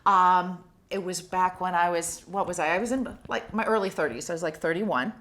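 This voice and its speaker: A middle-aged woman co-hosting a casual talk show, telling a story in an animated way and acting out what people said. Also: fairly low pitch, normal speed. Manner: animated storyteller, acts out quoted voices.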